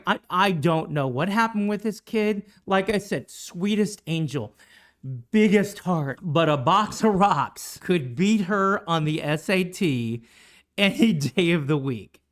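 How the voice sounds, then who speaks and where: A middle-aged woman co-hosting a teachers' podcast, chatting and telling stories with a teasing edge. Her voice sits a little low for a woman, and she puts on voices when she quotes people. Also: expressive, unhurried. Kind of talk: casual storytelling chat.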